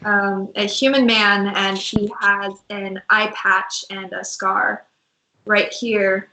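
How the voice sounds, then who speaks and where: A woman narrating a tabletop game as game master, unhurried and searching for words as she describes the scene. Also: medium pitch, flat delivery, bright, forceful tone, echoey room, rough recording. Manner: unhurried, hesitant descriptions with fillers.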